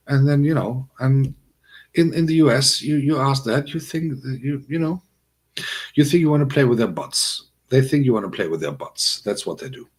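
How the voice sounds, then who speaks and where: A man's voice: medium pitch, expressive, moderate pace, a little mellow. A man hosting a casual livestream, talking to his chat in a rambling, chatty way with many fillers. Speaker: livestream host.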